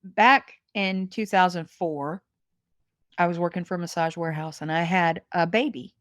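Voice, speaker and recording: Speaking with a fairly low, slightly bright voice at a moderate pace, a fifties-aged massage industry representative chats earnestly as a podcast guest. She's folksy, calls people honey, and the recording is dry.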